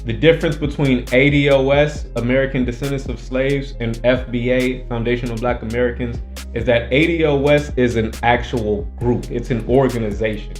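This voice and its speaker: A man's voice: mid-range voice, fairly even intonation, normal speed, soft background music. A man hosting his own commentary channel, arguing his points emphatically and repeating them for stress. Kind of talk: opinionated casual commentary.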